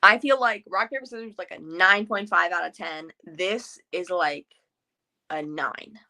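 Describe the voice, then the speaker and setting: Bright-voiced woman chatting about a book. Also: fairly low pitch, measured pace. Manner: chatty, many filler words and restarts. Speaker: book club host. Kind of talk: casual book chat.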